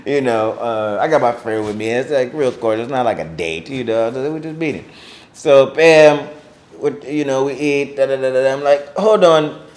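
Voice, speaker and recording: A man's voice: medium pitch, moderate pace. A middle-aged man telling a story in a casual interview, slangy and full of fillers, raising his voice to act out quotes. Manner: animated, acts out quotes in raised voice; slangy, filler-heavy speech. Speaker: interview guest.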